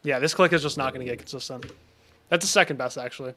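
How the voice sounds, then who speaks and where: A man's voice: mid-range voice, fast talker, pushed and bright. A young man casually commenting on his game during a live stream, chatty and reacting to chat, often breaking off mid-sentence. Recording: faint music behind.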